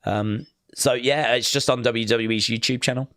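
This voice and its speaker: A man's voice: medium pitch, steady tone, normal speed, sharp tone. A man hosting a casual live watch-along stream, chatting loosely and reading viewer comments aloud.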